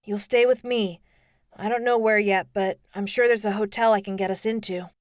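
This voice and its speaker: A woman voicing a tender, reassuring teenage boy in an audiobook, speaking softly and comfortingly. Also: medium pitch, steady tone, moderate pace, no room sound, clean studio sound, lightly acted. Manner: soft, comforting. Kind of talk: audiobook character voice.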